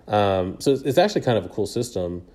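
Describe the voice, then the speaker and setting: Low, mellow-voiced man telling a story. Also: very animated, fast. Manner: rambling, laughs often, many fillers. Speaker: podcast co-host. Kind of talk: casual storytelling chat.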